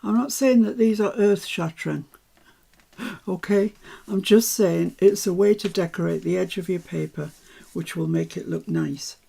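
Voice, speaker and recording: A woman's voice: on the low side, moderate pace, vocal fry, mellow, breathy edge. An older woman giving a chatty live craft demonstration, with self-mocking asides while she works. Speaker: craft tutor.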